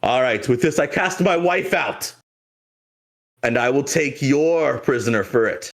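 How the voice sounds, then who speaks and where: A man's voice: mid-range voice, lively intonation, unhurried, pitched above the performer's own voice. A man voicing a gaudy, boastful male pirate captain who bargains brashly. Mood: bargaining.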